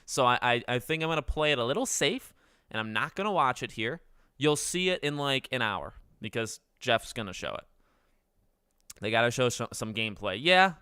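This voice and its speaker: A man's voice: mid-range voice, animated, normal speed, sharp tone, clean tone, no echo, studio quality. A man in his twenties hosting a casual livestream, chatting with viewers in a rambling, self-correcting way. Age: 20s. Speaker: livestream host.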